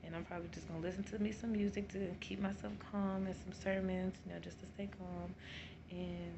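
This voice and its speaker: A young woman vlogging casually while in early labor, chatty and excited, slangy and laughing often. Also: on the low side, fairly quick, gravelly, muffled recording. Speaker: mom vlogger. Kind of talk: casual vlog to camera. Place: home, then hospital room. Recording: noisy phone recording.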